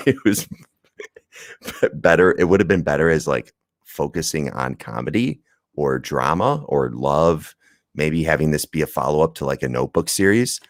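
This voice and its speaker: Very deep-voiced man reviewing a movie. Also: animated, moderate pace, dry recording, studio quality. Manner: rambling, laughs while talking, swears casually. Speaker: podcast co-host. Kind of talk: casual chat, movie review.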